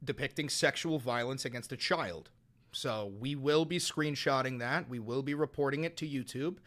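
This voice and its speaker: A man's voice: mid-range voice, normal speed, fairly bright tone. A man streaming live, ranting at his chat in an exasperated, heavily profane way. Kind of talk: live-stream reaction talk.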